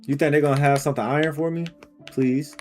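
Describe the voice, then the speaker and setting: A man live-streaming a game, reacting out loud in casual, slangy commentary and talking to himself and his viewers. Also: fairly high pitch, fast, faint music behind. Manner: excitable, slangy, talks to himself and chat.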